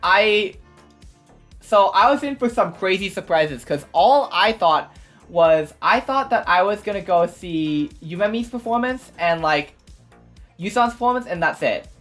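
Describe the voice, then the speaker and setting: A woman streamer recapping an event in a casual, rambling way, full of fillers and excited asides. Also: mid-range voice, unhurried. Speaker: VTuber streamer. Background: faint background music.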